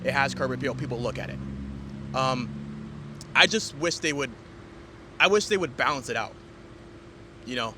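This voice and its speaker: A man's voice: mid-range voice, animated, normal speed, pauses often, background noise. A man giving a casual, rambling car review vlog from inside a car, with lots of fillers and restarts. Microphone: camera mounted in the car.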